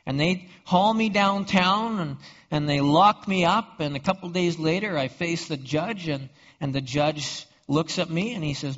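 A man's voice: fairly high pitch, measured pace, a bit bright. A man preaching a sermon as pastor, asking rhetorical questions and often repeating words as he goes. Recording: dull reverberant hall recording.

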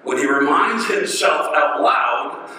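A man preaching a sermon in a conversational way, with pauses and rhetorical questions, recorded from a distance in an echoey hall. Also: a little high, animated, sharp tone, slight background noise.

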